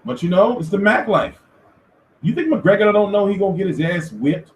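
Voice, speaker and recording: A man hosting a casual commentary show, talking in an animated, profane rant. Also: high voice, moderate pace. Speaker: host. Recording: echoey room, far from mic.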